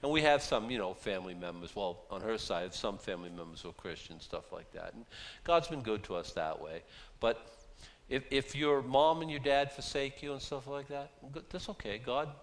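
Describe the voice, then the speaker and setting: A man preaching a chatty, self-deprecating sermon, swinging from hushed asides to loud bursts. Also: medium pitch, expressive, normal speed, big-room sound. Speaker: pastor. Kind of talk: casual sermon.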